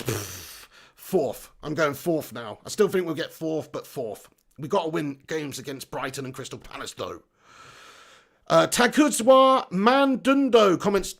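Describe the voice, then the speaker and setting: A man's voice: high-pitched, gravelly. A man hosting a football live stream, reading out chat comments in a chatty way, laughing and swearing casually. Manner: chatty, laughs often, swears casually, says mate a lot.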